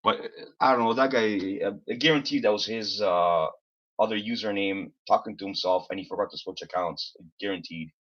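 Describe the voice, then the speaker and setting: A man's voice: fairly low pitch, fairly quick, a bit bright. A man hosting a casual live stream, rambling through an exasperated story and swearing freely. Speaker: livestream host. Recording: slightly dull lo-fi stream audio.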